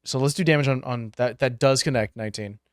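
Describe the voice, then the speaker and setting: A man serves as game master, talking players through their turns and dice rolls at an easy, conversational pace. His voice sits at an ordinary middle pitch. The recording is close and dry, with no room sound. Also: fast, smooth, no echo. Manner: relaxed, explaining rules and calling turns. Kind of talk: running a tabletop game, casual.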